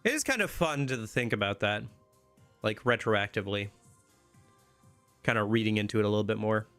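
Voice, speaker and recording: A man's voice: on the low side, lively intonation, brisk, a bit bright, dry recording, soft background music. A man casually commenting while he plays a video game, rambling with many fillers. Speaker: streamer playing a game. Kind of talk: casual let's-play commentary.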